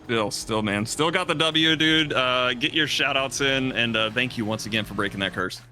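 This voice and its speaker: A man's voice: mid-range voice, normal speed, bright, forceful tone. Upbeat male race broadcast host. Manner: upbeat, congratulatory. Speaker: broadcast host interviewing drivers. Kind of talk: live race broadcast banter.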